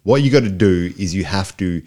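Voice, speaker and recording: Low-voiced rambling man on a podcast. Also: lively intonation, brisk, mellow. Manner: loose, rambling, peppered with "like". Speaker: podcast co-host. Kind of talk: casual movie review chat.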